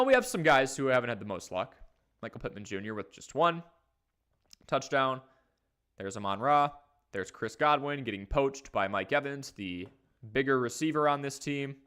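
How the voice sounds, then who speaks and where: A man hosting a live fantasy football stream, talking casually and energetically while he reads from the chat. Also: medium pitch. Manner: energetic, conversational, talks fast in bursts. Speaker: fantasy football livestream host.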